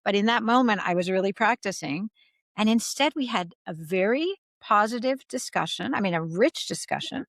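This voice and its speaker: A calm, reflective woman talks through workplace advice as a podcast guest. Her voice sits at a middle pitch, and the room sounds dry and close. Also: normal speed, no room sound. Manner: calm, reflective, acts out quoted reactions. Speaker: guest leadership consultant. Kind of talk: podcast interview.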